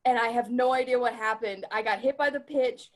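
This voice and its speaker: Rhode Island-accented woman, slightly high voice, wry and lively podcast storyteller. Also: a little fast. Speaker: podcast co-host. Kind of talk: casual chat.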